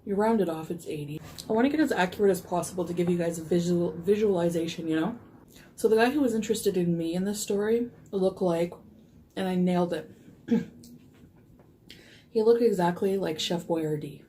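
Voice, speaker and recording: Woman rambling thru a storytime, mellow lowish voice, bit of noise behind. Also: brisk. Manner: rambling, frequent fillers, laughs easily. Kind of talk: casual storytime.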